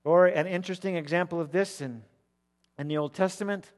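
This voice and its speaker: A man preaching an expository sermon, emphatic and rising to loud declamation when he repeats words. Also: high voice, fairly even intonation, a little fast. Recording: long reverb of a large hall.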